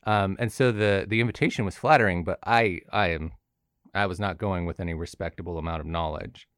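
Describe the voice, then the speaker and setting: A man's voice: low-pitched, a little fast, a bit bright, clear, resonant tone, dry recording. A young adult man co-hosting a podcast in casual chat, rambling and self-deprecating with frequent restarts. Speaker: podcast co-host.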